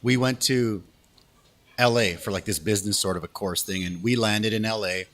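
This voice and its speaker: A radio DJ from Canada, his voice on the low side and a little fast, spins a story as a guest in a relaxed interview. He tells it animatedly, in easygoing slang.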